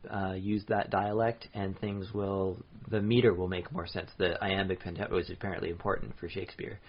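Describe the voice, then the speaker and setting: A man's voice: sits low, flat delivery, a little fast, slight background noise. A man co-hosting a podcast in casual chat, explaining hesitantly with many fillers. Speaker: podcast co-host. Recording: dull lo-fi podcast audio.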